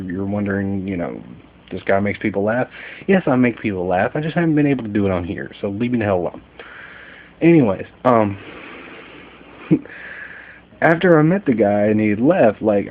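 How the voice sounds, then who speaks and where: A young man from Kentucky, USA, a vlogger, rambles casually at night from bed, joking and self-deprecating with lots of fillers. His lowish voice has phone-quality sound.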